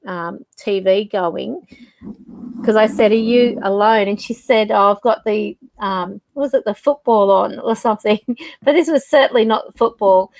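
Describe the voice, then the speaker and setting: A woman talks casually to her viewers as a psychic medium, often losing her thread and groping for words. Her voice sits a little high and comes across dry and close on a desk mic. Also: no echo. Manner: rambling, searching for words, fillers and laughs. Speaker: psychic medium and channel host. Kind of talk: casual talk to camera.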